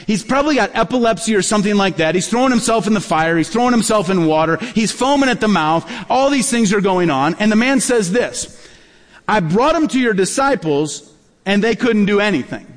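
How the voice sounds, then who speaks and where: A man with a high, light voice preaches a sermon, telling a story and acting out the quoted lines. His voice rings with the long reverb of a large church hall. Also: animated, brisk. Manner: storytelling, acts out quoted dialogue. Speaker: pastor.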